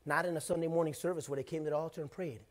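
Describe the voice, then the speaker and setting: A middle-aged man, the pastor, preaching a sermon in a conversational way, swinging between loud bursts and hushed asides. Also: on the high side, fairly even intonation, rapid-fire.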